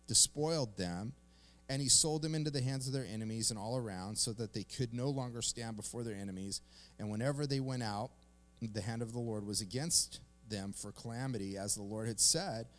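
A middle-aged man delivers a sermon in a relaxed, conversational pastor's voice. His pitch sits in an ordinary middle range. He mixes slang and quick storytelling into his teaching. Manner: casual, animated storytelling with slang.

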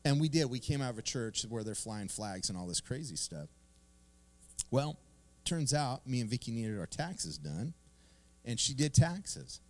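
A middle-aged man delivers a sermon in a relaxed, conversational pastor's voice. His pitch sits in an ordinary middle range. He mixes slang and quick storytelling into his teaching. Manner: casual, animated storytelling with slang.

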